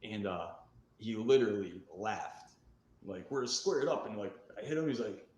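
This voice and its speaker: A man's voice: fairly low pitch, normal speed, a little mellow, dull audio. A man telling a personal story in a candid, rambling, self-mocking way. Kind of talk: recorded storytelling video. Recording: echoey room with faint noise.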